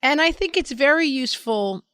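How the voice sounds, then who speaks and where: A woman's voice: sits high, lively intonation, moderate pace, fairly bright tone, dry recording, studio quality. A woman co-hosting a podcast, talking in a reflective, conversational way. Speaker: podcast co-host. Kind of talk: podcast interview.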